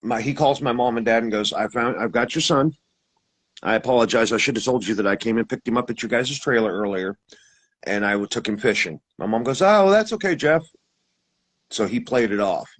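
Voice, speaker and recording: A man recounts his experience in a husky, slightly low voice. He rambles, restarts his sentences and acts out what others said as he talks. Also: a little fast, a bit bright, poor audio. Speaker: guest telling his experience. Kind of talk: casual storytelling.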